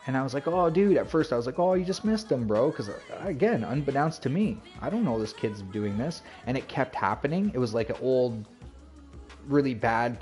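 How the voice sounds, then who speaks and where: A male game streamer telling a long story to his chat in an easygoing, rambling way, packed with "like" and "you know." His voice sits at an ordinary middle pitch, and he slips into little acted-out lines of dialogue as he goes. Faint music plays softly behind him. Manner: rambling, filler-heavy, acts out quoted dialogue.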